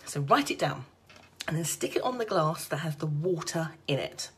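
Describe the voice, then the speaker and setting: A woman's voice: sits low, expressive, moderate pace, a little hiss or hum. A woman, a psychic card reader, chatting on a casual live stream from home, laughing often and talking straight to her viewers.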